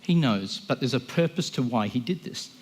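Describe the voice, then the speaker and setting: A man's voice: mid-range voice, lively intonation, normal speed, husky. A man giving an impassioned, emphatic sermon as a guest speaker, often voicing the people he quotes.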